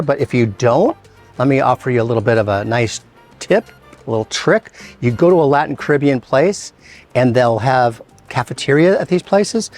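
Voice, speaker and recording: A man, a chef hosting a cooking demonstration, explaining each step in a relaxed, chatty way with playful asides. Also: medium pitch. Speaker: chef and show host.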